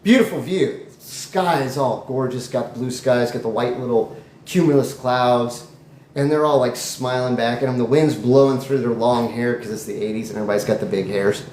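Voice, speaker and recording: A man improvising a comic story in a rambling, animated way with jokey asides. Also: mid-range voice, normal speed. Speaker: comedy storyteller. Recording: echoey room, faint noise.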